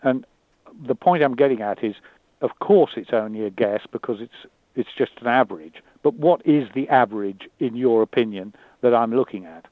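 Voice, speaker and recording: A man talking candidly and thoughtfully, often pausing and repeating words as he searches for them. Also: medium pitch, no room sound. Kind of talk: candid conversation. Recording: dry tinny phone-like line.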